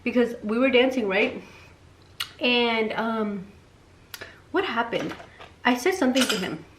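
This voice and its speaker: A woman's voice: fairly high pitch, animated, a little slow, slight background noise. A woman in her twenties chatting casually in a storytime and makeup vlog, slangy and full of "like" and "um", slipping into Spanish phrases. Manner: chatty, slangy, many fillers like "like" and "um"; mixes Spanish phrases into English. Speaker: beauty vlogger. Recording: echoey room, loud household clatter.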